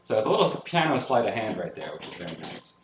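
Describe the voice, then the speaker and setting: A man with a lowish voice teaches music theory to a classroom at a quick pace, and the background is noisy. Step by step, he explains passages with solfege syllables, energetically checking that his listeners follow, clearly enthusiastic about the music. A piano plays clearly amid the room's echo.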